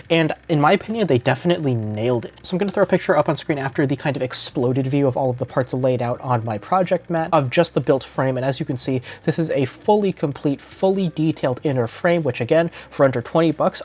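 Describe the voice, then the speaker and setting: Man calmly walking through kit parts. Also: a little high. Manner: steady, methodical listing with frequent self-corrections. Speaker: model kit reviewer. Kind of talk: casual product review narration.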